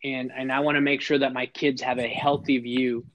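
A man's voice: mid-range voice, level tone, moderate pace. Earnest middle-aged man, slightly muffled. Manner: earnest, emphatic, repeats words when starting sentences. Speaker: podcast guest. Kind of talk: heartfelt conversational storytelling. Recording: slightly dull lo-fi sound.

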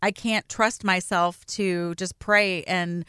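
A woman's voice: fairly low pitch, fairly even intonation, slow pace, fairly bright tone, clean tone, no room sound, studio quality. A middle-aged woman co-hosting a podcast, telling personal stories candidly and voicing her own anxious self-talk. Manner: candid, confessional storytelling with quoted self-talk. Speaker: podcast co-host. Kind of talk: casual chat.

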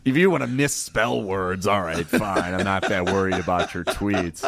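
A man's voice: sits low, normal speed, creaky, fairly bright tone, dry recording. A man co-hosting a sports talk show, blunt and wry in casual banter. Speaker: sports radio co-host.

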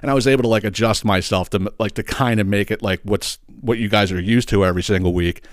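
A podcast host from the area rants in a loose, animated monologue, swearing freely and jumping his pitch up when worked up. His voice sits a bit low. The close microphone gives a dry sound with no room echo. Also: fast talker. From Philadelphia area. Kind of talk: casual ranting monologue. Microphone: side-address studio microphone.

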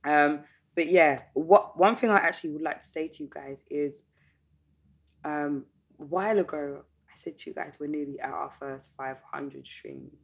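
Low-voiced, husky woman podcast host. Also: moderate pace. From Caribbean heritage. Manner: chatty, playful, slang-laced. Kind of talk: casual podcast chat.

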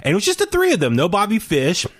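Excitable young man, laughing, chatty. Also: high-pitched, fast talker. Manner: laughs often, excitable, many fillers. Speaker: podcast co-host. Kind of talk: casual wrestling chat.

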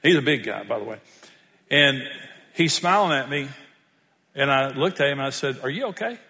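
A man's voice: medium pitch, moderate pace, sharp tone, in a large hall. An older man, preaching a sermon and telling stories in an earnest manner. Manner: storytelling, earnest, rises when stressing points. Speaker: pastor.

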